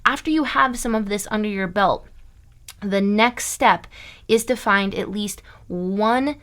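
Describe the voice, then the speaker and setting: A woman's voice: mid-range voice, unhurried, fairly bright tone. A young American woman from Iowa teaching a German lesson online, emphatic and often checking in with "okay?" and "right?". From United States (Iowa).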